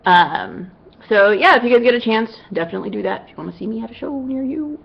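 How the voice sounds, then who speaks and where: A woman's voice: on the high side, animated, fast, vocal fry, breathy edge, dull audio. A woman cosplayer answering fan questions in a casual vlog, chatty and upbeat with lots of "you know" asides.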